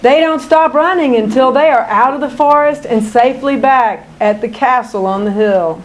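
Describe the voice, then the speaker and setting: A woman narrating a children's picture book aloud in an expressive, deliberate way. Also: high-pitched.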